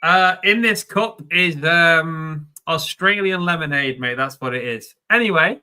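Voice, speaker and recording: A man hosts a live stream, chatting loosely as he reads out viewer questions. His voice sits a little high and rings very bright and forceful. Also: a little slow, clear, resonant tone. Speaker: host.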